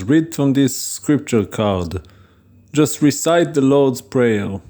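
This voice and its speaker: A man's voice: medium pitch, dark tone. A man preaching on prayer, firing off emphatic rhetorical questions with a scoffing edge. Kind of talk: spoken teaching on prayer.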